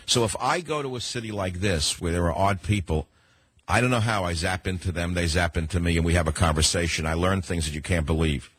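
Older male talk radio host, thick New York accent, very low husky voice, opinionated and digressive, dry studio sound. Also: brisk, fairly bright tone, dry recording. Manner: rambling, combative, digressive.

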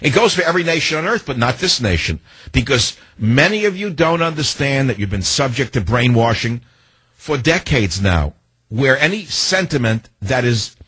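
A man's voice: mid-range voice, sing-song, moderate pace, a bit bright, breathy edge, no echo. A man hosting a talk radio show, delivering a combative monologue full of rhetorical questions into a studio microphone.

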